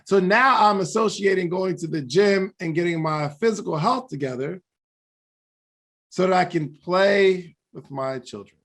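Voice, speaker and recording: A man's voice: sits high, a little slow, a bit bright. A man co-hosting a podcast, talking through goals in an earnest, reflective way and laughing at himself now and then. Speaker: podcast co-host. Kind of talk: motivational talk.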